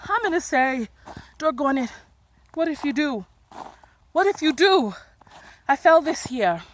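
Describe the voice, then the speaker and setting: A woman giving earnest life advice in a vlog, filmed outdoors in the snow, repeating phrases and swinging between loud and hushed. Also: high voice, a little hiss or hum. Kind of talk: motivational vlog.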